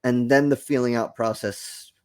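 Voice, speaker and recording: A man's voice: mid-range voice, fairly even intonation, moderate pace, darkish tone, clean tone, dry recording, clean studio sound. A man co-hosting a sports podcast, bantering and breaking down the game in a joking, casual way. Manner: joking, self-promoting banter. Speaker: podcast co-host.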